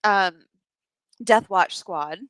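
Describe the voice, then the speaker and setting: Thoughtful woman co-host, mid-pitched, dry close recording, casual livestream. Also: extremely slow, fairly bright tone, clear, resonant tone, dry recording, poor audio. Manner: thoughtful, explains at length, reads out viewer comments. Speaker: podcast co-host. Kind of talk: casual fan discussion livestream. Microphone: home mic on a video call.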